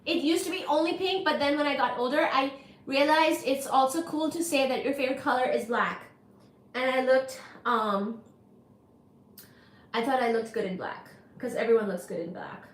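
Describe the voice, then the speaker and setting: A lively woman hosts a casual livestream, chatting with viewers and reading their comments. Her voice sits high and bright, bouncing playfully between greetings. The room around her rings with a noticeable echo. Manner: animated, playful, greets viewers in rapid repeated bursts. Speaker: livestream host.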